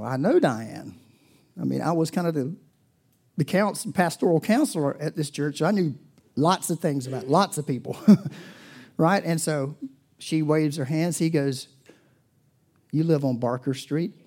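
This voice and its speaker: Man, middle-aged, pastor, storytelling sermon, conversational, mellow, slightly high. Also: animated, moderate pace, gravelly, breathy edge.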